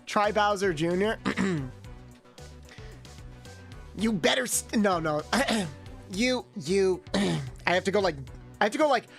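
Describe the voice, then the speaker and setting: A woman's voice: mid-range voice, lively intonation, a little slow, pauses often, faint music behind. A young adult woman streaming a video game as a VTuber, chatting casually and rambling with her viewers, swearing freely. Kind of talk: casual gaming stream chat.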